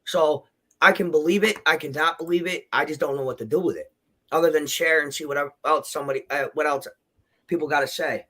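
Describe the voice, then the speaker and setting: Man, fairly high and bright, defensive panel guest, emotional and rambling. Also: brisk. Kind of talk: heated livestream argument.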